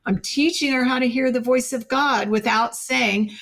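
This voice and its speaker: A woman's voice: on the high side, moderate pace, gravelly. Earnest woman telling a faith story. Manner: earnest, animated storytelling with quoted dialogue. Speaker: podcast guest. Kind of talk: storytelling in a podcast interview.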